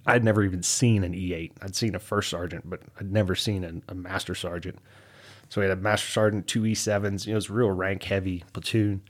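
Low-voiced man telling army stories. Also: quick pace. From United States. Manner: animated storyteller, acts out quotes, laughs often. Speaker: guest, Army veteran. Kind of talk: storytelling in a podcast interview.

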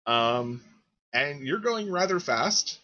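A man's voice: fairly high pitch, very animated, slow, bright, forceful tone, lo-fi sound. A man narrating as game master, describing scenes and speaking directly to the players.

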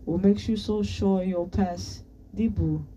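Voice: mid-range voice, fairly even intonation, slow, mellow, recorded from a distance, slight background noise, pitched above the performer's own voice, close to an everyday voice, low-quality recording. A reader voicing a bold, teasing teenage girl.

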